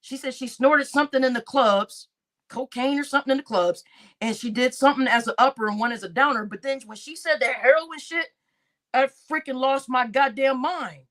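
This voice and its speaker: High-pitched angry woman ranting. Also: a little fast, fairly bright tone. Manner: angry, profane, repeats herself. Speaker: livestream host. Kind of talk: heated livestream rant.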